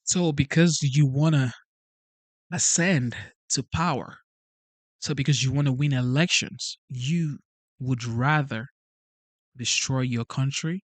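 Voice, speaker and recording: A man hosting a live stream, talking in an animated, repetitive way, asking rhetorical questions and reading out chat messages. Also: medium pitch, slow pace, pauses often, no echo. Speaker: channel host.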